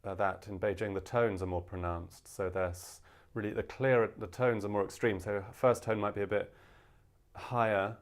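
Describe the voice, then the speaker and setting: Guy teaching a language, really low voice, lots of ums and uhs. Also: fairly even intonation. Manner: explains with many fillers, demonstrates pronunciations louder and slower. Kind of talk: casual language lesson.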